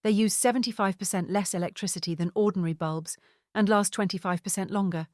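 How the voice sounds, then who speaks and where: A woman voicing a cheerful young woman who poses as a saleswoman, in a strong Essex accent and with bright sales patter. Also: mid-range voice, fast, no room sound, clean studio sound, natural voice. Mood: chirpy, salesy.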